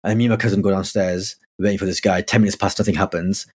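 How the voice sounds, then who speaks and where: A man's voice: sits low, fairly even intonation, fast talker, a little mellow, breathy edge. A man, a podcast guest telling anecdotes in a rambling, casual way, full of restarts. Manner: chatty, rambling with frequent restarts.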